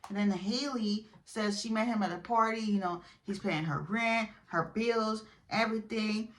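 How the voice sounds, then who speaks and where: Woman, casual recap commentary, opinionated, chatty, fillers, mid-pitched voice. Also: moderate pace. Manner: chatty, opinionated, animated when indignant, many fillers. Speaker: reality show recapper.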